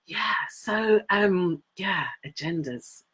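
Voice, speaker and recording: A middle-aged woman hosting a live coaching session, talking in a rambling, halting way with many fillers and restarts. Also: medium pitch, a bit bright, husky. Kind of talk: casual coaching talk to a live audience.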